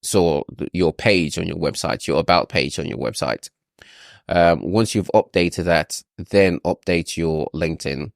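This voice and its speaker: A man's voice: low-pitched, measured pace, vocal fry, no room sound, studio quality. A man advising a client on a video call, explaining patiently with frequent ums and restarts. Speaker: SEO consultant.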